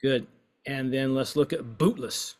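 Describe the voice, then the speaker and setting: A workshop leader with a medium-pitched, slightly mellow voice guides a voice and poetry exercise at a measured pace. He's encouraging and playful, drawing out lines as he recites them.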